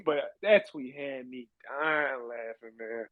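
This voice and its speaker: A man hosting a live audio chat room, talking in animated, laughing rants full of profanity. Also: medium pitch, slow pace, no room sound, narrow, tinny audio. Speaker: host.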